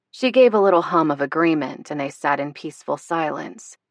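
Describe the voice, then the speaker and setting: A woman reading a romance audiobook in an expressive, measured storytelling manner. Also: low-pitched, dry recording, studio quality. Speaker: audiobook narrator. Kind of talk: scripted narration.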